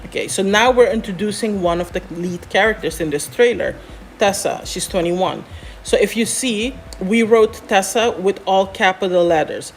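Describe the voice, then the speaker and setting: A woman scriptwriter explaining how to write a script in a relaxed, chatty way, often pausing on "um" and "you know". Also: mid-range voice, a little hiss or hum. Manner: chatty, many fillers, explains step by step. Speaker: scriptwriter guest. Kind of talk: explaining scriptwriting in a casual chat.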